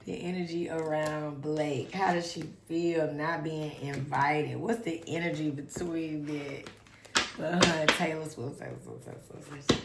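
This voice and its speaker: Woman tarot reader, slow, low-pitched, chatty and dramatic; echoey room with noise behind. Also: fairly even intonation. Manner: chatty, dramatic, talks to spirit and viewers. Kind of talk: casual tarot reading.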